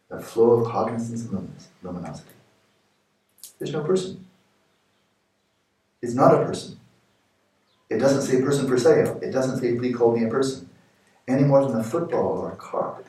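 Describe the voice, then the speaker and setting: A man in his sixties giving a meditation retreat talk, explaining with playful everyday examples and sudden lively jumps in pitch. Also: brisk, pauses often. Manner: animated, playful examples, rising pitch for jokes. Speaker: meditation teacher. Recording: echoey hall from far off.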